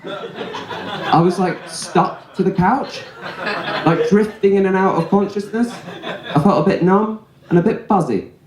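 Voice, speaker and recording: A man's voice: high voice, measured pace, long pauses, crowd noise. A young man performing a stand-up comedy set in a club, telling stories in a chatty way and tossing in "right?" asides. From England. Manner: conversational storytelling with frequent "right?" asides. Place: comedy club stage before a laughing audience. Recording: roomy club echo.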